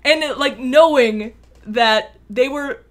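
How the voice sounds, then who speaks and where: A young woman co-hosting a podcast, chatting casually and excitedly in quick back-and-forth. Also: high voice. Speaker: podcast co-host. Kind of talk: casual chat.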